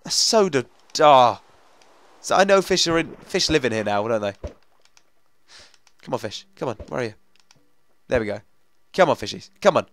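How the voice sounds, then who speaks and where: A man's voice: mid-range voice, normal speed, pauses often, dry recording. Chatty young man doing game commentary. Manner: chatty, coaxing, easily frustrated, bursts of excitement. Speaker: gaming commentator. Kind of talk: let's play commentary.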